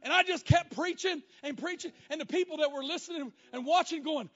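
A preacher with a very high, bright, forceful voice tells his story dramatically, swinging from shouts to near-whispers. The sound is a bit dull and lo-fi, with faint music underneath. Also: fairly quick, hardly any pauses. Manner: dramatic, shifting from loud exclamations to hushed, emotional lines. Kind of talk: storytelling sermon.

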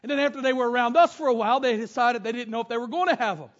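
A man's voice: extremely high pitch, rapid-fire, a bit bright. A middle-aged man preaching a sermon, reading scripture and telling stories from family life. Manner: storytelling, reads scripture aloud and retells it. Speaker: pastor. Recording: dull lo-fi sound.

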